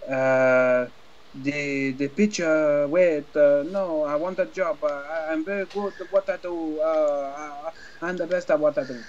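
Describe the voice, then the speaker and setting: A man's voice: fairly high pitch, steady tone, measured pace, muffled recording, natural voice. A man voicing a bumbling male caller with a botched French accent, hesitant and stammering, in a comedy podcast sketch. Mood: nervous. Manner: hesitant, stammering, lots of uh and restarts.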